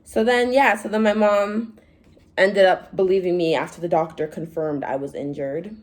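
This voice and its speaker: A young woman vlogger telling stories in casual chat, animated, acting out quotes in a higher voice. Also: normal speed. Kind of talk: casual storytime vlog.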